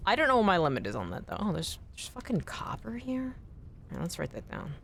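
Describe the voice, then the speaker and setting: A woman with a sing-song, gravelly voice provides live gameplay commentary, with slight background noise. Chatting with viewers, she swears readily when she misses, and annoyance sends her pitch jumping high.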